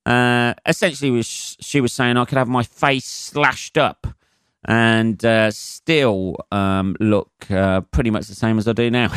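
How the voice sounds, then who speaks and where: A man's voice: mid-range voice, steady tone, a little slow, fairly bright tone, clean tone, no echo, studio quality. Rambling, sweary man in his forties. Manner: sweary, meandering, chuckling at his own jokes. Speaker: comedian podcast host. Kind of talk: rambling solo podcast monologue.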